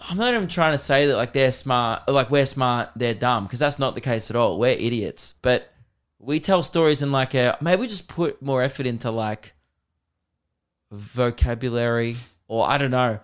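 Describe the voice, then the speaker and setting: Australian man, podcast host, casual rambling chat, laughs between stories, mid pitch. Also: moderate pace, clear, resonant tone. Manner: rambling, laughing storytelling with sudden mimicry.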